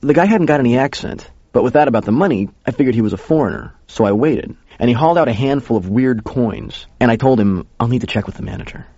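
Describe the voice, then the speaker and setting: A man's voice: mid-range voice, expressive, quick pace, hardly any pauses, mellow, no room sound. A man narrating a first-person story in a casual, conversational way. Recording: dull lo-fi recording.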